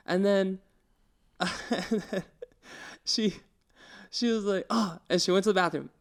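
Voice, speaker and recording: A young man co-hosts a podcast, his voice sitting high, smooth, and at a normal speed. He chats casually and tells stories with animation, acting out the quotes as he goes.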